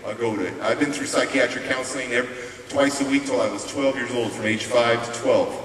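A man's voice: medium pitch, brisk. A middle-aged American man telling a life story in a conversational keynote speech. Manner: animated and conversational. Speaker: motivational speaker. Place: large hall. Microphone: distant room mic. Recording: echoey hall, distant mic, faint hiss.

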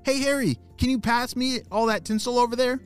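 A man doing an excited young girl. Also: clean tone, faint music behind. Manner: high, quick, gasping.

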